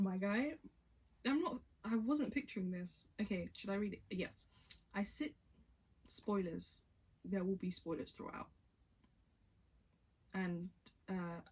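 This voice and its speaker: A woman's voice: mid-range voice, a little mellow, breathy edge. A woman reading a novel aloud for her vlog, stumbling over lines and breaking off to chat and giggle. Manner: stumbling, giggly, self-interrupting. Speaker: book vlogger reading aloud. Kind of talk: casual read-aloud vlog.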